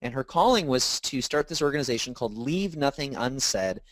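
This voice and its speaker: A man's voice: mid-range voice, a little fast, dry recording. A man in his thirties, an author and speaker, telling stories in a casual interview and acting out the dialogue he quotes. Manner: animated storytelling, acts out quoted dialogue.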